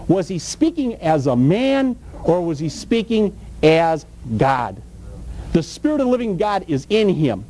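High, animated preaching man. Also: rough recording. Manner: emphatic, rhetorical questions, folksy grammar. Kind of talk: sermon.

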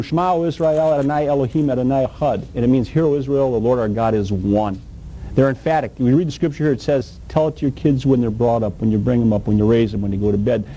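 A man's voice: sits high, warm tone, slight background noise, poor audio. A man preaching a sermon in a folksy, emphatic, colloquial way.

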